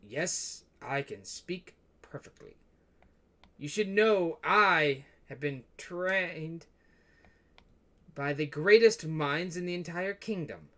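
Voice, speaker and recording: A man playing a slow, pompous young king. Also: fairly high pitch, expressive, pushed and bright, exaggerated voice. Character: haughty young male king, pompous and proud.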